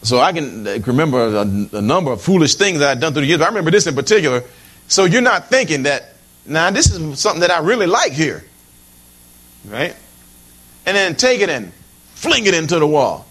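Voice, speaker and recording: A middle-aged man preaching with a fairly high voice that keeps swinging up and down. He jokes with the congregation and talks to them directly, stumbling over and repeating words as he builds his point. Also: brisk. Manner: animated and humorous, with frequent asides to the congregation; repeats words and restarts phrases while preaching. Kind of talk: sermon.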